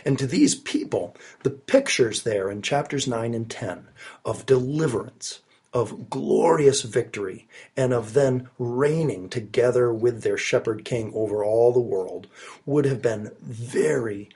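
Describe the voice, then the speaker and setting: A man's voice: mid-range voice, measured pace, dark tone, slightly rough. A man preaching a sermon, recorded alone in his study while he has a cold, earnest and emphatic with rising stresses. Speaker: pastor.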